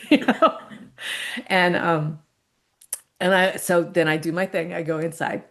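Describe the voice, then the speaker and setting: A middle-aged woman, a podcast guest, telling a personal story in a candid, reflective way and laughing softly between thoughts. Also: on the low side, fairly even intonation, unhurried, pauses often.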